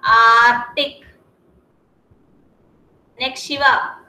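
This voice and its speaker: A woman with an Indian English accent teaching a kindergarten class online, speaking slowly and patiently and spelling words out letter by letter. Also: on the high side, steady tone, pushed and bright, reverberant, rough recording. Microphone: video call.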